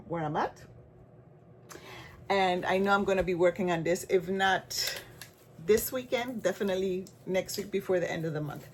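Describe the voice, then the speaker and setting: A woman with a Caribbean accent and a slightly low voice, talking in a loose, rambling show-and-tell way. She circles back and restarts her sentences often. A faint hiss sits under her voice. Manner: chatty and rambling, with frequent restarts and asides. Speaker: stitching vlogger. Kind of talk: casual show-and-tell chat.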